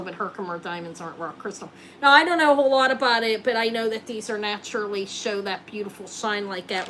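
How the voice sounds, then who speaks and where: A woman's voice: medium pitch, pushed and bright, rough recording. Woman host of a live jewelry sale; casual, chatty, joking, slight background noise. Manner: chatty, joking, thinks aloud while showing rings.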